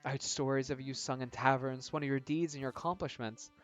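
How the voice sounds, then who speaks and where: A man voicing an eager young woman adventurer who is a gushing superfan, breathless and excitable. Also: mid-range voice, brisk, faint music behind, close to an everyday voice. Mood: pleading.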